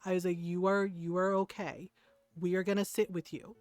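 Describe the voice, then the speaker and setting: A woman's voice: lowish voice, level tone, normal speed, darkish tone, no room sound. A woman streamer chatting casually with her viewers while gaming, telling stories candidly and animatedly, with some casual swearing. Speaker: game streamer.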